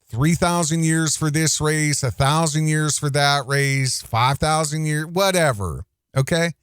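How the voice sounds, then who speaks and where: A man's voice: a little high, a little slow, a bit bright, clean tone, no room sound. A man hosting a casual reaction commentary, rambling and indignant, with many restarts. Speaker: commentary host.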